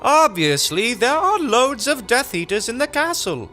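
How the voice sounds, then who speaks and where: A man's voice: very high-pitched, sing-song, measured pace, pushed and bright, soft background music, voice pushed up, heavily acted. A man voicing a bossy young schoolgirl witch in a storybook reading, with raised, emphatic lines.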